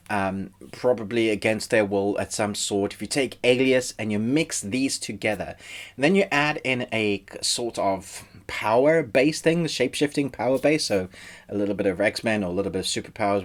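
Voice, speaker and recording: A man hosting his own series review channel, talking casually and thinking aloud as he goes. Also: medium pitch. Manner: chatty and conversational, thinks aloud. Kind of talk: casual spoken film review.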